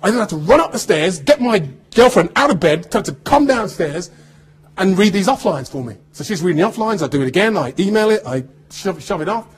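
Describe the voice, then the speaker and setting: A man giving an animated storytelling talk to students about his acting career, acting out the dialogue he quotes. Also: sits high, a little fast, breathy edge. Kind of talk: anecdotal storytelling speech.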